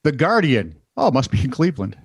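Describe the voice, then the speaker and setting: An American man co-hosts a comedic news podcast, joking, teasing, and laughing often in casual chat. He's very animated and talks fast, with a mid-range voice and a breathy edge, recorded with no room sound.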